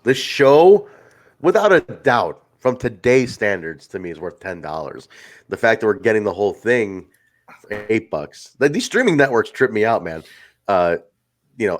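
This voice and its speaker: Swearing, excitable wrestling podcast guy. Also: fairly low pitch, moderate pace. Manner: excitable, swears freely, acts out quotes. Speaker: podcast co-host. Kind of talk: casual wrestling review chat.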